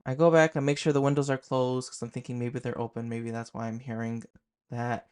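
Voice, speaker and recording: A young man casually recounting a scary night in a vlog, with an animated, dramatic delivery and lots of "like". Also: mid-range voice, brisk, clear, resonant tone. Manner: animated, fillers of "like", dramatic retelling. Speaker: horror storyteller host.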